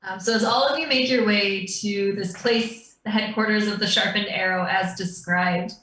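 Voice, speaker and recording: A woman's voice: medium pitch, fairly even intonation, moderate pace, bright, forceful tone, slight background noise. Roomy-sounding woman dungeon master. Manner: descriptive, meandering with fillers. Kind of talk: narrating a tabletop game. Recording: roomy, distant mic.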